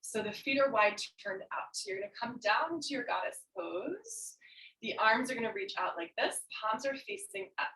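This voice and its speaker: A woman's voice: on the high side, expressive, moderate pace, fairly bright tone. A woman teaching a yoga class, cueing breaths and poses while she demonstrates them, a little out of breath. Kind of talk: guided yoga class instruction. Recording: roomy, mic at a distance.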